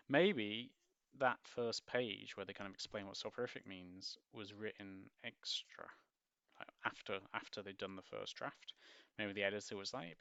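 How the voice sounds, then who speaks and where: A man's voice: on the low side, creaky, a bit bright, no echo. A man reading a picture book aloud and breaking off for wry, musing asides with hesitant ums. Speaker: book reviewer.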